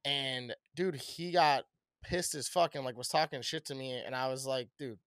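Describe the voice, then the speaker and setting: A young man co-hosting a podcast tells a story with animated energy and plenty of swearing. His voice sits at medium pitch with a clear, resonant tone and a moderate pace. It's casual chat, recorded with clean studio sound and no room noise.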